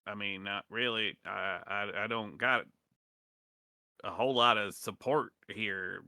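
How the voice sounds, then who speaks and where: A man's voice: lowish voice, fairly even intonation, measured pace, sharp tone, clear, resonant tone, dry recording, studio quality. A man speaking in character during a tabletop role-play, with a folksy, drawling way of talking.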